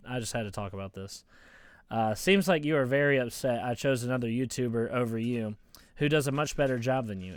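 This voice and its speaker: A man's voice: mid-range voice, a bit bright, smooth, no echo, clean studio sound. A man ranting as a college football fan YouTuber, heated and mocking, often stammering and restarting, recorded on his phone. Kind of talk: casual ranting vlog.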